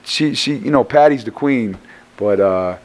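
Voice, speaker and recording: A middle-aged man, a rapper, talking in a casual interview, tired and hoarse after a show, rambling with stammered restarts and plenty of swearing. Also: medium pitch, unhurried. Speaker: rapper guest.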